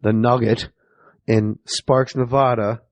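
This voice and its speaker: Profane, animated comedian in his forties. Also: mid-range voice, takes it slowly, no room sound, muffled recording. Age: 40s. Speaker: stand-up comedian, podcast guest. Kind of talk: casual podcast chat.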